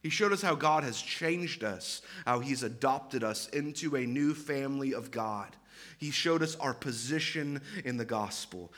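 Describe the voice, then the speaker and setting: This thirty-something pastor speaks with a medium-pitched, slightly bright voice at a measured pace. His sermon is earnest and emphatic, sprinkled with conversational asides and repeated phrases.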